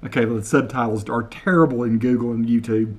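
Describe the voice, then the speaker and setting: A man from the United States, hosting a casual comedic video to camera, slowly repeating phrases word by word and spelling some out. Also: mid-range voice, steady tone, darkish tone. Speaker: video host.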